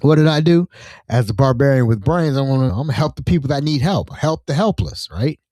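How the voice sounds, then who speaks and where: A man's voice: mid-range voice, lively intonation, a little fast, darkish tone, dry recording. A young adult man hosting a solo podcast, his voice sitting in the middle of the male range. He tells stories in a loose, slangy way and jumps into character voices for quotes. He is recorded close and dry, with no room sound. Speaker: podcast host. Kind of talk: casual solo storytelling.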